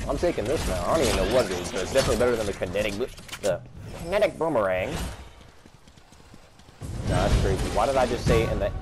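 A young man giving slangy, excitable gameplay commentary, trash-talking opponents as he plays. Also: fairly low pitch. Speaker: gaming YouTuber. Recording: noisy game audio behind. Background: game sounds.

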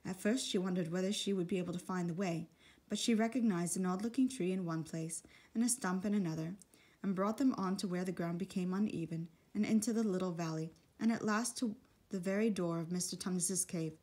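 Woman storybook narrator, husky tone, steady measured read. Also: on the low side. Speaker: audiobook reader.

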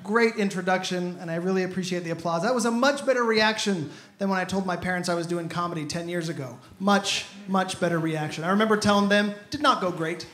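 A man's voice: sits high, fast talker, few pauses, fairly bright tone. A man in his thirties performing an upbeat stand-up comedy set on stage. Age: 30s. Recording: echoey stage sound.

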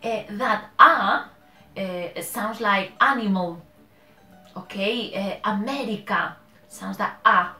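Slow, echoey Spanish-accented woman. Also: medium pitch, sharp tone. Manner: self-correcting, laughs at herself, keeps checking with "okay?". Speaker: language learner and host. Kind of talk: casual language-learning vlog. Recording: roomy echo with faint music.

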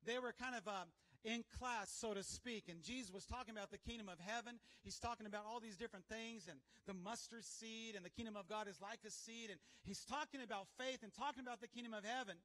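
A man preaching a sermon as pastor, energetic and calling for responses from his congregation. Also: sits high, fast talker.

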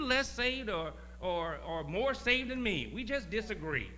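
A man preaching as a guest pastor, talking in a conversational way, laughing and swinging from quiet asides to loud emphasis. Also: high voice, sing-song, measured pace, hardly any pauses. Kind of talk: sermon.

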